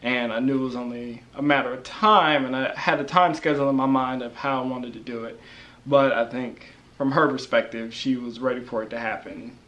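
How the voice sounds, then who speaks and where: A man casually telling a story in a relaxed, easygoing way. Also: mid-range voice, a little fast, muffled recording. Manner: relaxed, easygoing, full of fillers.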